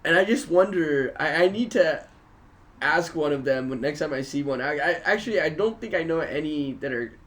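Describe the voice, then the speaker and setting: High-voiced man telling animated stories. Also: moderate pace. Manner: animated storyteller, swears often. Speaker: guest comedian. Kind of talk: casual podcast chat. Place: podcast studio.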